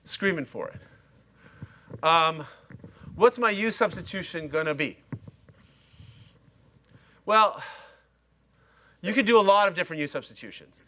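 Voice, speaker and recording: A man's voice: a little high, sharp tone, a little hiss or hum. A middle-aged man lecturing a university class, chatty and self-mocking, talking straight to his students. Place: lecture hall.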